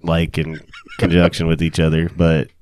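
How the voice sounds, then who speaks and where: Brief: man, deep smooth voice, blunt joking co-host, dry close mic. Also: completely flat delivery, normal speed, a little mellow, no room sound. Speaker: podcast co-host. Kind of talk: casual chat.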